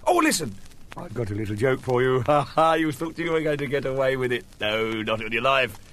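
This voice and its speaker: A man's voice: mid-range voice, sing-song, fairly quick, a bit bright. A middle-aged man, hosting a comic monologue in a rambling, jokey, self-mocking way. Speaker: host.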